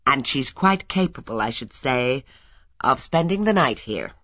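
A woman reading an audiobook and voicing a brisk, blunt male doctor. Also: very deep voice, lively intonation, bright, forceful tone, no echo, dull audio, exaggerated voice. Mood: frank. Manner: blunt, matter-of-fact.

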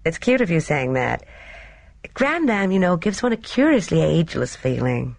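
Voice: medium pitch, big pitch swings, moderate pace, creaky, no echo, voice pushed up. A reader voicing a cheerful, careless young woman who chatters in airy, slangy upper-class talk. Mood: breezy.

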